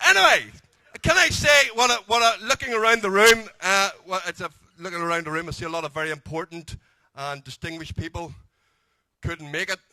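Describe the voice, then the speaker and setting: A man's voice: sits high, brisk, bright, forceful tone, no room sound. A man doing cheeky, crude stand-up at a dinner. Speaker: after-dinner comedian. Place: large dinner function room.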